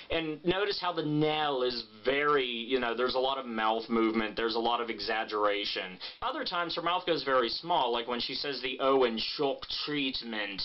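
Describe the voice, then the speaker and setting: A man vlogging casually, joking and blunt, swearing freely as he talks. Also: mid-range voice. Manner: animated, joking, blunt and profane. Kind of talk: casual vlog talk. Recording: muffled lo-fi sound.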